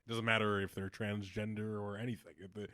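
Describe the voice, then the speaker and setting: A man's voice: lowish voice, little pitch movement, brisk, bright, forceful tone, dry recording. A man co-hosting a comedy podcast, laid-back and answering in short, dry remarks during casual chat. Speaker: podcast co-host.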